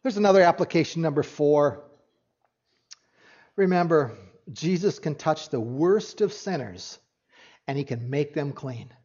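A man preaching a sermon as pastor. He speaks earnestly, swings between loud emphasis and hushed tones, and often repeats a word as he restarts. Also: fairly high pitch, animated, a little slow, pauses often. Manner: restarts with doubled words. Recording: dull lo-fi recording.

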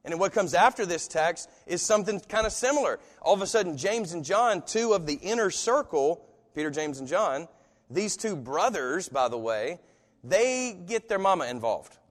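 A man preaches in a relaxed, conversational way, slipping into the voices of the people he quotes. His voice sits a little high. The sound carries a long reverb, as in a large church hall. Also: moderate pace. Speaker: pastor. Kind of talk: sermon.

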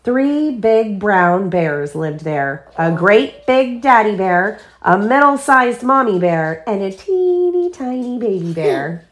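A young mother reading a picture book aloud to her child at bedtime, with playful, expressive delivery. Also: medium pitch, takes it slowly, hardly any pauses. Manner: expressive, playful character voices.

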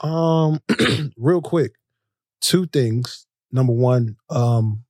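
A man guesting on a podcast, speaking about himself in an earnest, deliberate way. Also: medium pitch, darkish tone, no room sound, studio quality. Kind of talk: casual podcast chat.

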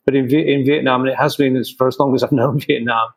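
A man's voice: mid-range voice, fairly even intonation, fast talker, gravelly, rough recording. A man in an interview, a craft brewer answering questions with many restarts and fillers.

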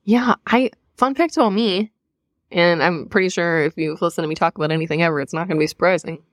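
A woman's voice: fairly low pitch, fast talker, dry recording, clean studio sound. A young woman co-hosting a podcast, telling a story in a casual, laughing way and swearing freely. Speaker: podcast co-host. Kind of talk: casual chat.

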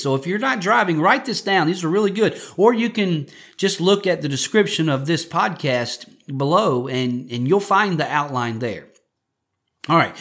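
A man's voice: fairly high pitch, fairly bright tone. A man preaching a conversational sermon for a podcast, joking and often repeating words as he restarts his sentences. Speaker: pastor.

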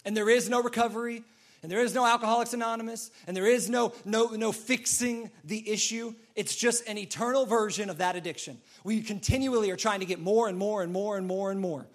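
A man's voice: high-pitched, fairly even intonation, fairly quick. A man preaching a sermon in an earnest, repetitive way, now and then acting out pleading voices. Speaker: pastor.

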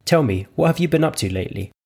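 A cheerful, simple-minded young woman, voiced by a man reading the story. She chirps along in a lilting, raised voice that keeps a gravelly, husky grain underneath. It suits a storybook reading. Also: a little high, animated, fast talker, darkish tone, voice pushed up, exaggerated voice. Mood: innocent, chirpy.

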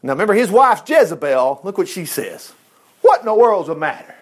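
A middle-aged man preaching a sermon, retelling scripture with lively asides and exclamations. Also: fairly quick. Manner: animated, swings pitch widely, asides and exclamations.

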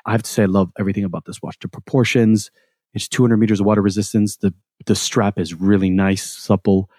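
Male podcast co-host, mellow and warm, loose rambling delivery, dry close mic. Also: fairly low pitch, level tone, fast, no room sound. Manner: loose, rambling with many fillers and restarts. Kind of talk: casual chat.

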